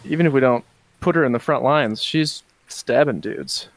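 A man's voice: medium pitch, normal speed, soft background music, poor audio. Matter-of-fact man at a game table. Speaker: player. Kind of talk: casual chat at a game table.

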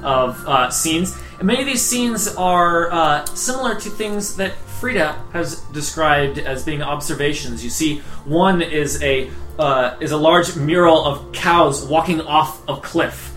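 Halting bright-voiced male game master. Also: on the high side. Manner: halting, many fillers while describing scenes. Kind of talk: narrating a tabletop game. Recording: roomy echo, faint music.

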